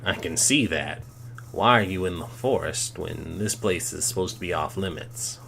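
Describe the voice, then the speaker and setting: A man's voice: deep voice, normal speed, creaky, bright, forceful tone, a little hiss or hum, voice pushed down, heavily acted. A man voicing a skeptical male police officer in a tabletop game, speaking dryly. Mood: stern.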